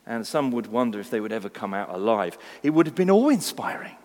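A man preaching a sermon, delivering it expressively and swinging between quiet, low passages and loud, ringing ones. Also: big pitch swings, fast talker. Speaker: pastor. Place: large church hall. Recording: long hall reverb.

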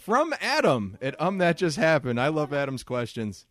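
Male comedy podcast host, mid pitch, animated storyteller with a swooping, expressive delivery. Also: moderate pace. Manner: animated storyteller, laughs often. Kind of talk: casual comedic chat.

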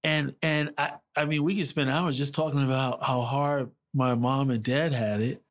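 A man's voice: mid-range voice, fairly even intonation. Earnest middle-aged man telling family stories. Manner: earnest, halting, repeats words when moved. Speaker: interview guest. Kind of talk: emotional personal storytelling.

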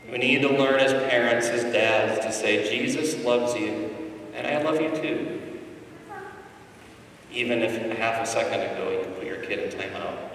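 Preacher in an echoey hall. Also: male voice, medium pitch, far from the mic, slight background noise. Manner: storytelling, swings from hushed to loud and emphatic. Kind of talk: sermon. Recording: echoey hall, mic from afar.

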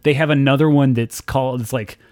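A man co-hosting a casual podcast, heard dry and close with no room sound at all. He rants with lively, profane energy and swears constantly. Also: medium pitch, a little fast, dry recording. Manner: animated, swears heavily, ranting. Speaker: podcast co-host.

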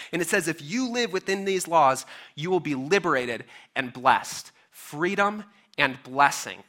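A man's voice: sits high, pushed and bright. A man preaching a sermon as a pastor, casual and conversational with filler words and light humor.

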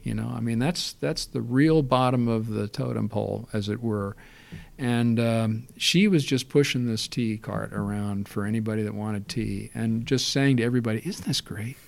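A man recalling past film work in relaxed, rambling storytelling, full of fillers and restarts. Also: medium pitch, moderate pace, creaky. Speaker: interview guest.

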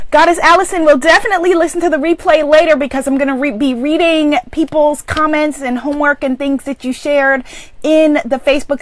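A woman's voice: high-pitched, dry recording. A woman hosting a live online class, bubbly and laughing often as she greets viewers by name. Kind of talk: live-streamed casual talk. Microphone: microphone.

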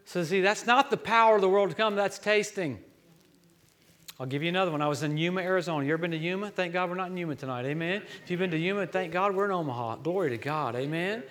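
Male guest preacher, slightly high voice, lively storyteller. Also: rapid-fire, few pauses. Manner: storytelling, animated and joking, swings loud to hushed. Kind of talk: sermon. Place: church.

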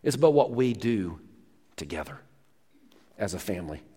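A man's voice: lowish voice, very animated, moderate pace, warm tone, husky, in a large hall. A man preaching a sermon in a church, folksy and fond of jokes and stories. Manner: folksy storytelling, tells jokes. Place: church sanctuary.

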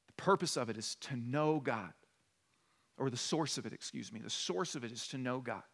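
A male pastor preaching a sermon with animated delivery, acting out the voices in his stories. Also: mid-range voice, normal speed, vocal fry. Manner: animated, acts out quoted voices in a story. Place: church sanctuary. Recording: long church hall reverb.

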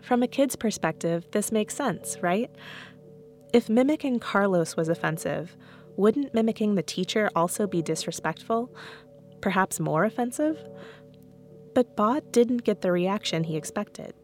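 A woman hosting a podcast, giving scripted narration in a clear, guiding tone. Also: mid-range voice, lively intonation, unhurried, darkish tone, soft background music. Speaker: podcast host.

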